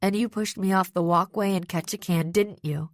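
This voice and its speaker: A woman's voice: fairly even intonation, moderate pace, no room sound, clean studio sound, natural voice. A woman voicing a teenage girl detective in an audiobook, speaking in a tense, shaky, pleading way. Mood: scared, pleading. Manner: tense, pleading, voice higher and shakier. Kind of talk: audiobook character voice.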